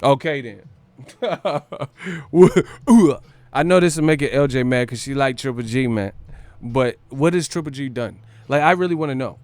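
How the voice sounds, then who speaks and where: This boxing stream host from California has a medium-pitched, slightly mellow voice with a clear, resonant tone and no echo. He rants casually on his livestream, brash and foul-mouthed, riffing hard while laughing and singing bits.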